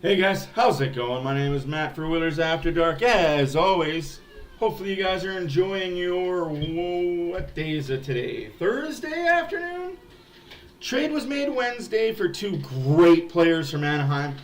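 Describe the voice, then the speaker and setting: A man hosting a fan livestream, talking in a heated, swearing rant with abrupt bursts and asides. His voice sits a bit high for a man. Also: normal speed, slight background noise. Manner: heated, profane ranting. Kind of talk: ranting sports livestream talk.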